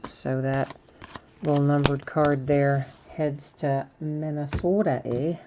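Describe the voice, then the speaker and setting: A middle-aged woman with a low voice talks casually through a live card break stream, chatting with viewers and reading off each card. She laughs at herself now and then. A faint hiss runs under her voice. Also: steady tone, takes it slowly, a little mellow.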